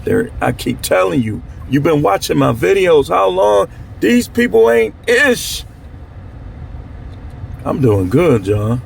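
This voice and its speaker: A man's voice: fairly high pitch, very animated, slow pace, vocal fry, slight background noise. A man from Milwaukee talking straight to his channel's viewers in a blunt, slangy, fired-up monologue. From Milwaukee, Wisconsin. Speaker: channel host. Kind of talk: candid to-camera monologue.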